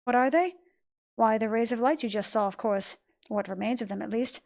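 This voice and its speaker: A woman voicing a cryptic, hushed young boy. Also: fairly high pitch, vocal fry. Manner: soft, measured and cryptic. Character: mysterious calm young boy who stops time. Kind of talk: reading game cutscene lines aloud.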